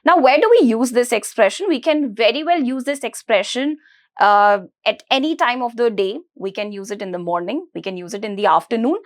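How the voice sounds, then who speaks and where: A woman teaching a pronunciation lesson, breaking words into syllables and repeating each one slowly. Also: a little high. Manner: slow, syllable-by-syllable with repeated drilling. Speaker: language teacher.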